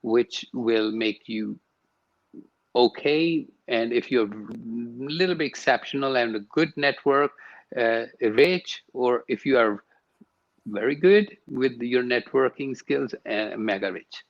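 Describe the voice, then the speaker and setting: A man's voice: mid-range voice, takes it slowly, muffled recording. A man, a yoga and sound teacher, speaking emphatically as a guest in an interview and repeating words to stress his points. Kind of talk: interview conversation.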